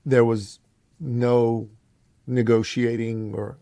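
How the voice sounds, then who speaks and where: A man's voice: takes it slowly, gravelly, no echo. A man telling a personal story as a podcast guest, acting out the voices he quotes, calling the listener brother. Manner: animated storyteller, acts out quotes with big pitch jumps.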